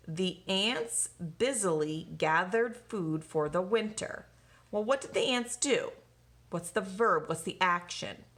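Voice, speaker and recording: A woman's voice: medium pitch, fairly bright tone. A woman teacher giving a recorded grammar lesson to young children, patiently asking questions and answering them herself. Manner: slow, patient, asks and answers own questions.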